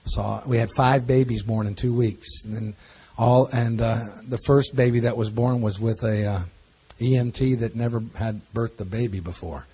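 A man's voice: mid-range voice, fairly even intonation, moderate pace, few pauses, dark tone, breathy edge. A man speaking as a pastor to a congregation, telling stories in a folksy, joking way. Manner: folksy, jokey storytelling with laughs. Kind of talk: church talk to a congregation.

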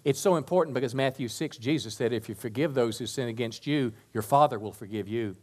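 Man, pastor, preaching, animated, church sermon, mid pitch. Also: brisk. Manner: animated preaching, dropping to soft prayer.

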